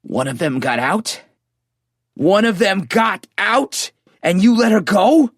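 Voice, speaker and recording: A male narrator voicing a furious armed man who roars and shouts frantically while chasing a fleeing child. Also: mid-range voice, normal speed, slightly rough, no room sound, studio quality. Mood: enraged.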